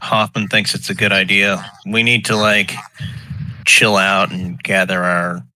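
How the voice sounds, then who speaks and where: A man's voice: deep voice, level tone, unhurried, pushed and bright, a little hiss or hum, rough recording. A man playing a tabletop game, chatting casually and a little hesitantly, with fillers. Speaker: player.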